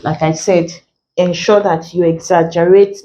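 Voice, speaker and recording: A woman teaching an exam-prep lesson in a lowish, mellow voice. She explains slowly, repeats key phrases and leans on "like" as she goes. The recording sounds dull and lo-fi. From Nigeria.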